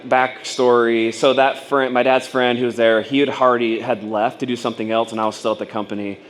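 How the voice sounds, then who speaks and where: A medium-pitched male voice with a slight hiss or hum tells fellow business owners a personal story at a training event. It's rambling and casual, loaded with fillers, and he acts out what people said.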